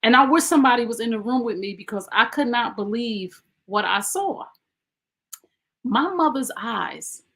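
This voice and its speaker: A woman with a high, slightly bright voice hosts a podcast, telling personal stories. She's emphatic and conversational, speaking directly to her listeners.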